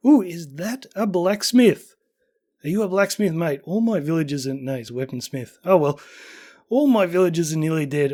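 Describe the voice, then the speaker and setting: A tired, slightly hoarse man chats through a quick tour of his builds. His voice sits a touch higher than most men's, and he stays upbeat and self-deprecating despite fading at the end of a long day. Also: mellow. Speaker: game building channel host. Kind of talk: casual gameplay tour commentary.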